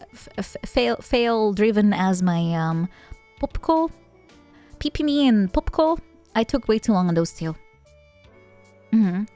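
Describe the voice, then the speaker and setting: A woman VTuber chatting casually on stream, playful and giggly, with sudden bursts of excitement. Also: a little high, no echo.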